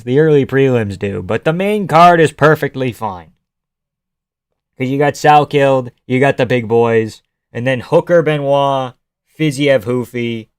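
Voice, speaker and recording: A man reacts to fights on a live stream in loose, profane chat and talks back to his viewers as he watches. His voice is smooth and resonant, close on the mic with a dry, dead sound. His pitch sits in an ordinary middle range. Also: no echo. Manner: loose, profane, chatty, greets chat by name. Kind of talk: casual live-stream commentary.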